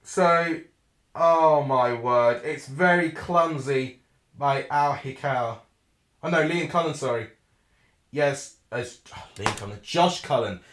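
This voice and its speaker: A man hosts a live football watchalong from his home setup, swinging between flustered ranting and steadier match analysis. His voice sits on the higher side for a man. The desk mic picks up a noticeably echoey room around him. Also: slow, fairly bright tone. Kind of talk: live match commentary and chat. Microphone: desk microphone.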